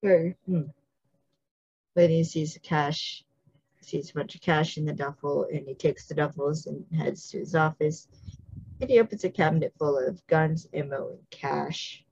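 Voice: mid-range voice, unhurried, gravelly, darkish tone, slightly rough, dry recording, dull audio. A podcast host giving a casual, chatty recap of a TV episode, full of fillers and acted-out quotes.

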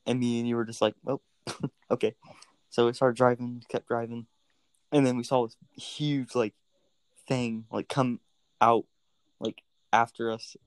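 A man's voice: medium pitch, little pitch movement, measured pace, clear, resonant tone, no room sound. A man chatting casually as a podcast guest, telling stories loosely with lots of fillers. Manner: loose, filler-heavy storytelling. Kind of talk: casual chat.

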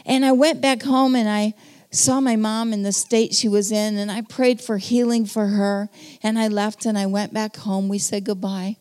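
A woman giving an earnest testimony sermon, telling her story with pauses and then calling the congregation to stand. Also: medium pitch, level tone, a little mellow. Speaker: preacher.

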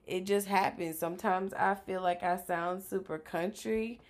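A woman from South Louisiana hosting a podcast in casual chat, candid and quick to laugh, swearing freely. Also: medium pitch, fairly even intonation. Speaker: podcast host.

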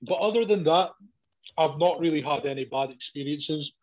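A man, a professional wrestler, telling sweary, animated stories in casual chat and acting out both sides of each exchange. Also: a little high, normal speed. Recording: dull lo-fi audio.

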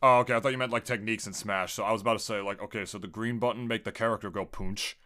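A man co-hosting a podcast in crude casual banter, joking, swearing a lot and breaking into high laughing shouts. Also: fairly even intonation, rapid-fire. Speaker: podcast co-host; Smash commentator.

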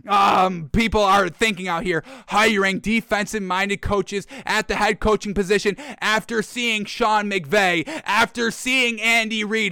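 Bright, excitable male sports show host. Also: sits high, moderate pace, clean tone, no room sound, studio quality. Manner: excitable, rants and repeats himself. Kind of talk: casual sports commentary.

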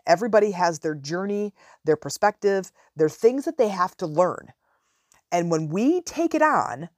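A woman's voice: fairly low pitch, dry recording, clean studio sound. A woman in her forties telling a parenting story in a frank, casual monologue as a podcast host. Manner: frank, conversational, drawn-out emphasis.

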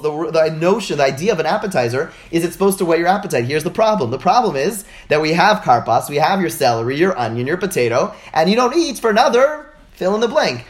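A man teaching religious texts in an informal lecture over a video call, animated and full of rhetorical questions. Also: fairly high pitch. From United States.

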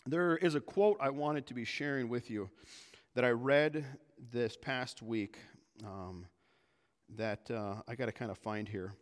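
A man's voice: medium pitch, a little slow. A man preaching a sermon as pastor, earnest and conversational, addressing his church family with frequent restarts. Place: church sanctuary. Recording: long hall reverb.

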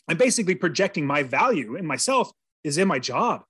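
Earnest storytelling man, higher pitch. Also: very animated, quick pace, a bit bright, husky, no room sound. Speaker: podcast guest. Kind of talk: personal storytelling in an interview.

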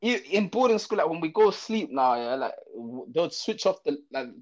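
A young man from Zimbabwe, telling a story in casual chat, slangy and animated, full of fillers and restarts. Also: on the high side, normal speed. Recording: dull lo-fi audio.

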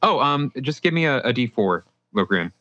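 A man with a bright, forward voice narrates a tabletop game as its game master. He describes the scene in a relaxed way, leaning on fillers. The sound is dry and a bit dull, as if recorded without much room. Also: mid-range voice, moderate pace, no room sound.

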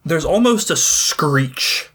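A man running a tabletop game as game master, narrating scenes in a measured, descriptive way. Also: fairly high pitch, lively intonation, bright, forceful tone, slightly rough. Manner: measured descriptive storytelling with occasional fillers.

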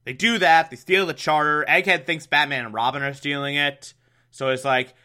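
A man's voice: a little high, steady tone, moderate pace, pushed and bright. A man giving a sarcastic, exasperated recap of an old TV episode, mocking it and laughing at it. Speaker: show recapper.

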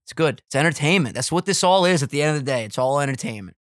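Excitable giggly podcast guy. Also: on the high side, fast talker, no room sound, clean studio sound. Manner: excitable, giggly, swears a lot. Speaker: podcast co-host. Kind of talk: casual podcast chat.

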